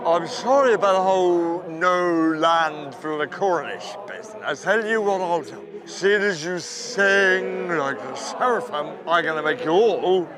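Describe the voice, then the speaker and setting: A man voicing God as a weary, pompous old figure who speaks slowly and mournfully in a folk tale. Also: high voice, animated, crowd noise, voice pushed down. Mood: genial. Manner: slow, lamenting, grandly mournful.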